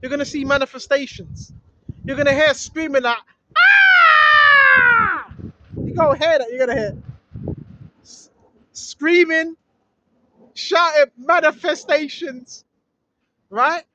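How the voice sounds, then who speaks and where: A street preacher speaks a little slowly in a very high voice, leaving long pauses. Reading scripture informally, he grows more emphatic and repetitive, rising to shouts, on a dull lo-fi track with faint noise.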